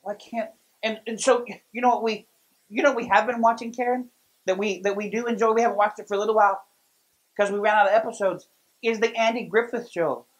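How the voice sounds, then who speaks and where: A man preaching a sermon as pastor, telling stories with lively delivery and frequent restarts. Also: sits high, fairly quick, low-quality recording. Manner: storytelling, lively, many restarts.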